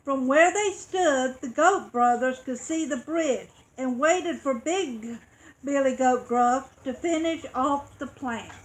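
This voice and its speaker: High bright lady slowly reading a kids' story, super expressive with sound effects. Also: poor audio.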